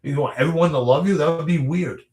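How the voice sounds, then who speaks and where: A man's voice: fairly high pitch, fast, darkish tone, echoey room. Chatty rambling man on a livestream. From New York area. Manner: rambling, chatty, laughs often. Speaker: livestream host. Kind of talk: casual livestream chat answering viewer questions.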